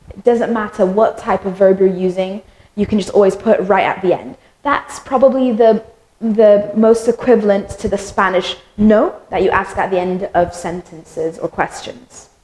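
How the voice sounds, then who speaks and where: A woman's voice: medium pitch, a little mellow. A woman teaching English grammar in a friendly, chatty way, acting out example questions with rising intonation. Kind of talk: explaining grammar to learners. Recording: echoey room.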